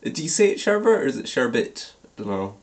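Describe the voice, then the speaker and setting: A man's voice: medium pitch, sing-song, fairly quick. A young man reads a ridiculous story aloud for his vlog camera. He keeps stopping to crack sarcastic jokes, often laughing at his own commentary. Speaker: vlogger. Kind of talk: comedic dramatic reading with commentary.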